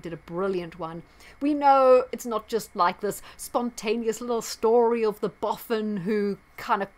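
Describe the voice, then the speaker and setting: Sarcastic, indignant woman vlogger. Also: mid-range voice. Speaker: astrology vlogger. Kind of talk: sarcastic commentary vlog.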